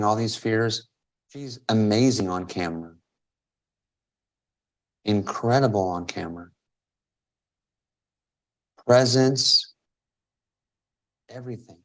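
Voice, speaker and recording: A man hosting a live-stream coaching Q&A over a video call. He is emphatic and repeats phrases for stress. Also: lowish voice. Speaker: host and business coach.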